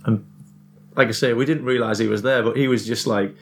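A man's voice: mid-range voice, steady tone. A man co-hosting a football podcast, telling stories in an upbeat way and laughing easily. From Middlesbrough area. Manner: upbeat storytelling, quick to laugh. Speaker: podcast co-host. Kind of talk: casual podcast chat.

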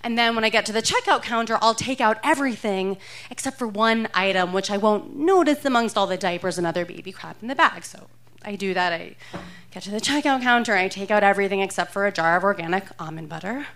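A woman in her thirties tells a personal story live from a theater stage, speaking into a stage microphone. She is wry and self-mocking and laughs often as she goes. Her voice sits at a middling pitch for a woman. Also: fast talker, fairly bright tone.

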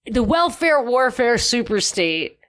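A woman's voice: on the high side, very animated, slow, fairly bright tone. Woman thinking aloud on a podcast. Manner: thinks aloud, opinionated, self-correcting. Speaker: podcast co-host. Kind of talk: casual political podcast chat.

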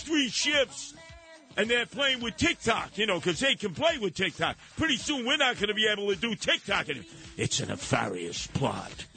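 A man's voice: high voice, pushed and bright. A man hosting a call-in radio show, ranting with sarcastic rhetorical questions and acting out the people he mocks. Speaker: radio talk show host. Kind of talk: call-in talk radio monologue.

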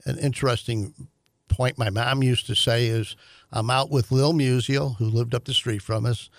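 An older man recounts a family memory in a gravelly, fry-laden voice, pausing often on fillers and restarts. The sound is dry and close, with no room around him. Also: medium pitch, steady tone, no room sound. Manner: halting, many fillers and restarts. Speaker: guest, host's father. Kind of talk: conversational storytelling.

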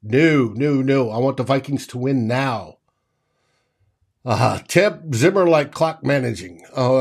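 A man doing live fan play-by-play of a football game, answering viewers in his chat by name. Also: mid-range voice. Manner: slow, drawn-out calling that bursts into shouting on big plays. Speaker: fan livestream host calling the game.

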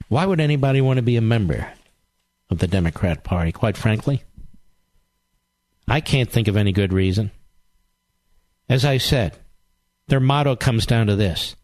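A man hosting a talk show in a combative, sarcastic style, firing off rhetorical questions and hammering his points through repetition. His voice sits at an ordinary pitch, and the sound is close and dry, with no room around it. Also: a little mellow, no echo. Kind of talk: political talk radio monologue.

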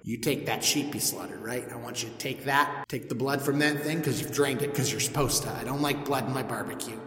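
A man voicing God as a casual, slangy bro who calmly plans terrible things. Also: medium pitch, fairly quick, echoey room, long reverb tail, faint music behind, voice pushed down, lightly acted. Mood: matter-of-fact. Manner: laid-back, slangy, menacing. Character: offhand, bloodthirsty male God, casual bro.

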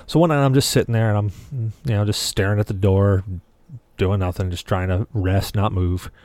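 A man's voice: fairly low pitch, fairly even intonation, normal speed, darkish tone, dry recording. A man telling a long story on a casual podcast, acting out the lines of the people in it as he goes. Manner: vivid storyteller who acts out quoted dialogue. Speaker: podcast co-host.

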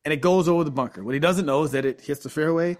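A man's voice: fairly high pitch, rapid-fire. A man co-hosting a casual golf podcast, telling stories and acting out what people said. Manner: animated storyteller, acts out quotes. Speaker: podcast co-host.

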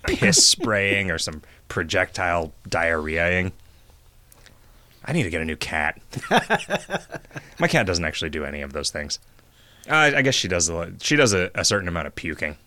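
A man's voice: sits low, big pitch swings, fast talker, sharp tone. A man hosting a podcast, chatting casually and rambling into long jokey explanations. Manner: rambling, joking, explains at length. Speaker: podcast host. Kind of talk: casual chat over a call.

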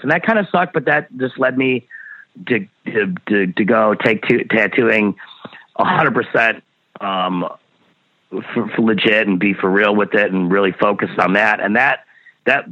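A man's voice: fairly low pitch, sharp tone, no echo. A man in his fifties, a guest musician talking in a casual interview, blunt and swearing freely, often repeating words. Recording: dull lo-fi dry sound.

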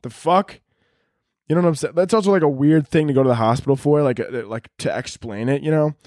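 A man's voice: on the high side, brisk, a little mellow, dry recording, studio quality. A young man hosting a solo podcast, telling stories in a crude, profane, joking way that rambles along. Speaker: podcast host. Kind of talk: casual solo podcast storytelling.

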